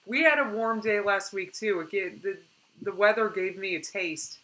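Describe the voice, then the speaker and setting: A young woman chatting casually on a live stream, reading out viewer comments in an animated way and laughing often. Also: mid-range voice, normal speed, poor audio.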